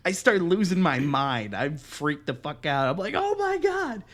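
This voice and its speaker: A young man co-hosting a podcast, telling a story in casual, profane chat and acting out the other voices loudly. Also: on the high side, normal speed. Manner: animated, profane, acts out quoted voices loudly. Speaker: podcast co-host.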